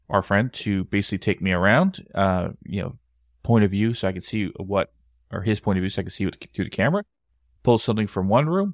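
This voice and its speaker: A man's voice: lowish voice, no room sound, studio quality. A man paranormal investigator telling a story in casual podcast chat, acting out quotes. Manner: animated storyteller, acts out quotes.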